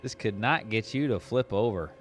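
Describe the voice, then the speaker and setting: A man commentating an online sim race he is driving in, narrating the action in casual, excitable chat. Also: fairly low pitch, normal speed. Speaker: sim racing commentator and driver.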